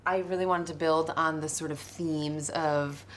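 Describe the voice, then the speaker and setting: A woman guest on a comedy talk show, chatting casually with quick quips and frequent laughter. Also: sits low, steady tone, a little hiss or hum. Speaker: guest, actor and director. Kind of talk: casual chat.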